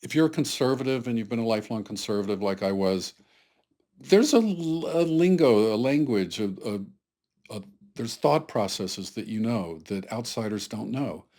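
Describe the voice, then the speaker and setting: A man from the US South talks straight to camera in a solo political commentary vlog. His voice sits a bit low, and he speaks in an earnest, conversational way, pleading with his viewers as he makes his case. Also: lively intonation, normal speed, mellow. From Atlanta, Georgia, US South. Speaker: political commentary channel host.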